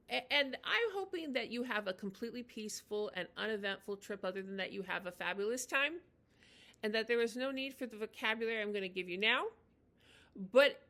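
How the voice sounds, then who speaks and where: A woman teaching in a chatty, unscripted way, with many fillers and restarts, slowing down to model phrases. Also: mid-range voice, fairly bright tone. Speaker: language teacher. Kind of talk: casual spoken lesson.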